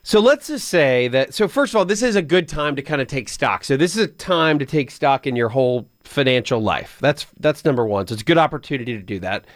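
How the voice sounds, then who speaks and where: A man's voice: medium pitch, animated, a little fast, few pauses, no room sound, studio quality. A man hosting a radio finance call-in show, explaining money advice in a conversational way, often restarting sentences. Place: radio studio. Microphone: studio microphone.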